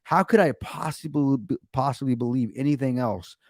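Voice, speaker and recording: A man's voice: medium pitch, moderate pace, dry recording, clean studio sound. An American man hosting a livestream, ranting sarcastically in casual chat with lots of restarts. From United States. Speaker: livestream host.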